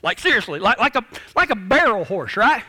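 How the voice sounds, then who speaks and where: A man's voice: sits high, sing-song, a little fast, sharp tone. A middle-aged man telling a funny story as part of a sermon, with folksy, self-deprecating cowboy humor.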